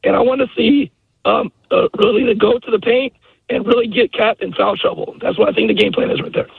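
A hoarse man calling in to a sports radio show, halting and full of fillers. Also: sits high, dry recording. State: hoarse, lost voice. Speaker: caller. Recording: tinny phone line.

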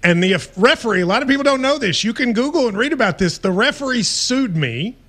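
A man hosting a sports radio talk show, his voice high and bright. He speaks with wry self-assurance and likes to tease. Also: animated, fast.

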